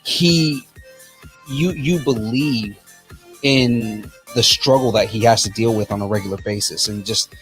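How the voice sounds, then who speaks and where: A man's voice: fairly low pitch, measured pace, fairly bright tone, soft background music. A man co-hosting a casual podcast chat, talking with enthusiastic, opinionated energy and often repeating himself as he builds a point. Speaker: podcast co-host.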